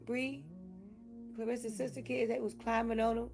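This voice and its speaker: A woman's voice: on the high side, little pitch movement, normal speed, vocal fry, a little mellow, faint music behind. A woman giving casual gossip commentary, laughing often, swearing freely and acting out what people said.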